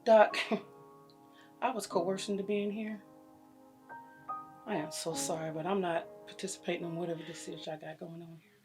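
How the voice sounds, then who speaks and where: A woman's voice: on the low side, fairly even intonation, normal speed, pauses often, faint music behind, close to an everyday voice. An actress playing a bitter, hurt mother of a grown son in a family therapy scene. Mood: defiant. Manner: bitter, rising to furious shouting. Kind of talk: web series drama acting.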